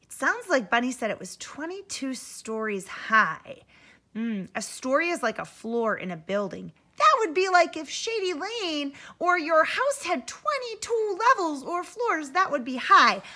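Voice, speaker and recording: Animated woman reading aloud to kids. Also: high voice. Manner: animated, asks listeners questions. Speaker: teacher. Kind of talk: children's read-aloud.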